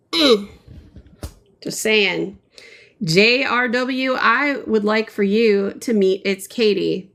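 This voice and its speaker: A woman chatting casually with her viewers on a painting livestream. She talks slowly and leaves room between her words. Her manner is playful and chatty, and she often giggles. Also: on the high side, pushed and bright.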